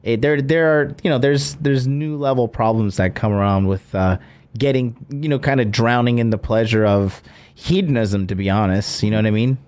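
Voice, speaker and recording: A man's voice: mid-range voice, normal speed, a little mellow. A man hosting a casual conversation, talking loosely with many fillers and restarts.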